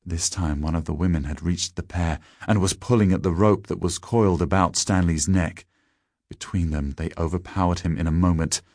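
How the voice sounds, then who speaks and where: A man reading a story aloud in a measured, deliberate audiobook narration. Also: low voice, steady tone, a little mellow, no echo, studio quality.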